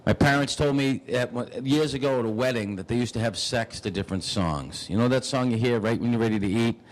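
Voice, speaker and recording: Man, stand-up comedian, rapid rambling stories. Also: mid-range voice, rough recording.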